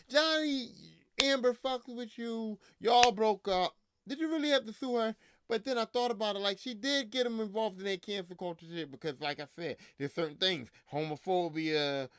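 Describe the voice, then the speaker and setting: A man's voice: high-pitched, fairly bright tone, clear, resonant tone, dry recording, studio quality. A man hosting a podcast, ranting in casual, profane, slangy talk, repeating himself, a little drunk. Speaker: podcast host.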